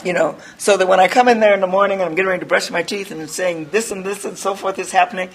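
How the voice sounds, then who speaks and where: A woman's voice: medium pitch, fairly even intonation, fast talker, hardly any pauses, poor audio. An older woman giving a candid, rambling personal testimony to a group, mocking herself as she tells it. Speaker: recovery speaker.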